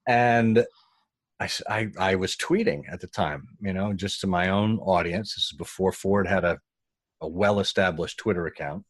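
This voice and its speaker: A man telling a story in a casual interview, animated and acting out the voices of the people he quotes. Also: sits low, normal speed, no room sound. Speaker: guest.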